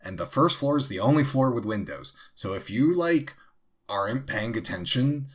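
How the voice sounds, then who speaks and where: A young man in a relaxed podcast chat, telling a story with a lively voice that swings up and down. He laughs a lot and acts out what others said in squeaky, excited tones. His pitch sits in the middle for a man. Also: normal speed. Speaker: podcast co-host.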